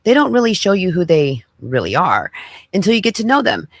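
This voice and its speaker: A woman's voice: fairly low pitch, big pitch swings, brisk, gravelly, dry recording. A woman podcast host giving sassy, preachy commentary as she reacts to clips. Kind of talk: casual commentary.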